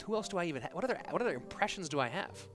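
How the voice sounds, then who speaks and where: A man's voice: high voice, big pitch swings, racing, a bit bright. A man casting a live esports match, chatting casually and answering viewers between plays. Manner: chatty, reads and answers chat while casting. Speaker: esports caster. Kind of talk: live game commentary. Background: music.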